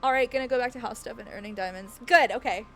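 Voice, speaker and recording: A woman's voice: on the high side, fast talker, fairly bright tone, soft background music. A woman game streamer chatting casually with her viewers in a bubbly, giggly, gushing way.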